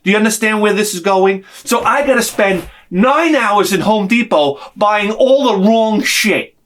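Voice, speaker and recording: High-voiced, animated ranting man. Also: measured pace, slight background noise. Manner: exasperated, profane, sarcastic. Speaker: vlogger. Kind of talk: ranting comic storytelling.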